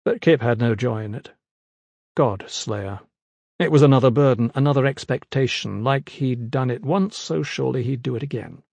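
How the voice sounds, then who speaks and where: A man reading a fantasy novel aloud in a measured, wry narration. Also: medium pitch, vocal fry, darkish tone, no room sound. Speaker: audiobook narrator. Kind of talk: scripted narration.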